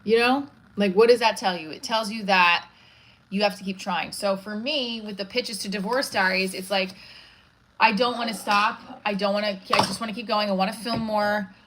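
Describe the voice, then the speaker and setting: A woman's voice: medium pitch, fairly even intonation, moderate pace, fairly bright tone, rough recording. A woman hosting a casual live stream, rambling, restarting her sentences and reading viewer comments aloud. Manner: rambling, restarts often, reads chat aloud. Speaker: livestream host.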